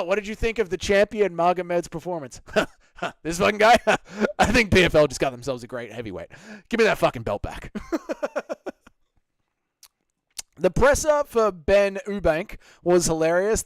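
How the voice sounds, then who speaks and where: A man's voice: sits high, animated, moderate pace, no echo. A young Australian man hosting a casual live Q&A, reading out chat and joking crudely with lots of swearing. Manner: crude, joking, swears a lot, laughs often. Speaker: livestream host.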